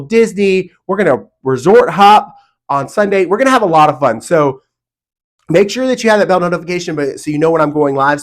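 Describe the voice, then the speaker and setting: A middle-aged man vlogging from a home studio, talking to camera in a casual, opinionated, emphatic way with mock outrage. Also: high voice. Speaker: theme park vlogger.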